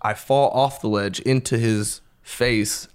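A young man with a mid-range voice, loose and animated, rattling off a story full of slang and cursing. His talk is casual podcast chat. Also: mid-range voice, takes it slowly, clear, resonant tone. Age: young adult.

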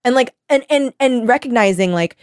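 Lively, laughing woman. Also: fairly high pitch, fairly quick, no echo, clean studio sound. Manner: animated storytelling, acts out quoted voices; laughs often. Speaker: podcast host. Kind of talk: casual chat.

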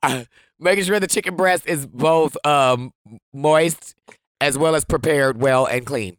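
A young man co-hosting a podcast, chatting casually and teasing with loud, animated remarks. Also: a little high, unhurried, clear, resonant tone, dry recording. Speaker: podcast co-host. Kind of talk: casual chat.

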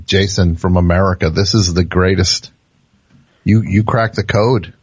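A man's voice: sits low, steady tone, measured pace, a little mellow, slightly rough, dry recording. A male radio host riffing on a comedic call-in show, building jokes and acting out little scenes. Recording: dry, slightly dull audio.

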